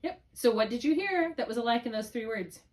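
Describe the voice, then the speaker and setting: A woman's voice: a little high, expressive. Patient woman tutoring spelling. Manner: encouraging, patient, drawn-out modeling of syllables. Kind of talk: one-on-one spelling lesson.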